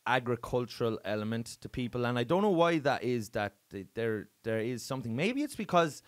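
An Irish man, a stand-up comedian, chatting casually as a podcast guest and telling lively, profane stories. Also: medium pitch, brisk. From Ireland. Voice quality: lively, animated storyteller, swears freely. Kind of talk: casual chat, comic storytelling.

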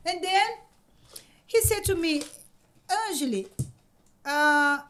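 Excited high-voiced woman. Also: a little hiss or hum. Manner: excited, laughing, halting with many repeated words. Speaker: podcast guest. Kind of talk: casual storytelling. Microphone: podcast microphone.

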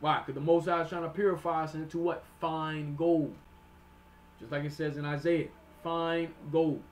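Man, high voice, sermon teaching, slow verse reading, plain explanations, keeps checking in with listeners. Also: fairly even intonation, slight background noise. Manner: reads verses slowly then explains in plain street talk; repeats "all right?" to check on listeners.

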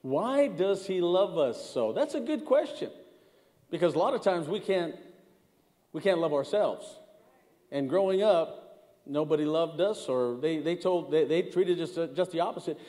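A man's voice: fairly high pitch, lively intonation, normal speed, mellow, in a large hall. A middle-aged man preaching a sermon as pastor, speaking conversationally, repeating words and calling out to the congregation. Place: church sanctuary.

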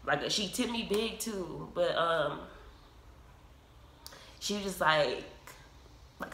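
Woman, low voice, teary and choked up, casual vlog storytime, echoey room. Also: animated, noisy background. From United States. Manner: emotional, tearful, fast casual chat with many fillers. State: teary with a frog in her throat. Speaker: vlogger.

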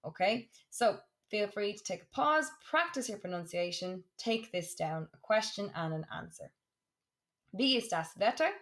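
A woman teaching a German lesson, saying words slowly and clearly and repeating them for practice. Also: mid-range voice, a bit bright. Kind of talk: classroom lesson for students.

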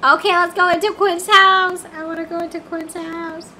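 A woman's voice: very high-pitched, level tone, moderate pace, pushed and bright, slight background noise. A woman chatting casually on a game livestream, easily flustered and singing snatches of songs.

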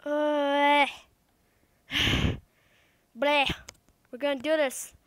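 A woman giving casual, excitable let's-play commentary, talking to the game's creatures and repeating words as she plays. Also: high voice, very slow, no echo. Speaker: gamer.

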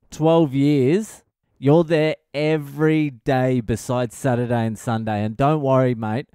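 A man's voice: mid-range voice, mellow, clean tone, dry recording, clean studio sound. A middle-aged man, a comedian hosting his own podcast, rambling through a casual comedic monologue and swearing constantly.

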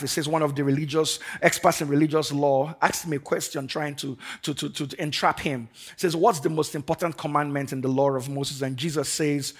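A man's voice: on the high side, husky. A man preaching a sermon to a congregation as pastor, emphatic and fervent, leading the people in call and response. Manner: emphatic, building to fervent declarations. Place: church service before a congregation.

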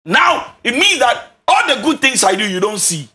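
A Ghanaian man giving relationship counseling, with a high, bright voice that swoops widely in pitch. He talks emphatically, like a preacher, and drives his points home by repeating them. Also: sing-song, normal speed. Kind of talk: animated counseling talk.

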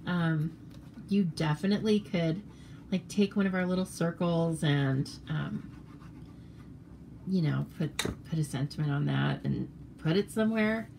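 A woman's voice: deep voice, measured pace, creaky, warm tone, a little hiss or hum. An American woman demonstrating papercraft cards in a casual, chatty tutorial, rambling with fillers and self-corrections.

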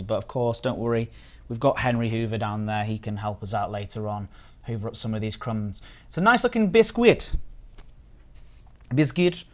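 A man from the United Kingdom chatting casually on a live stream as he reviews biscuits and reads out the chat. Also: medium pitch.

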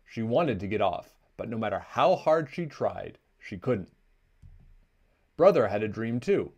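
Expressive low-voiced man reading a storybook. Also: unhurried. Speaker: children's book reader. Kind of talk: storybook read-aloud.

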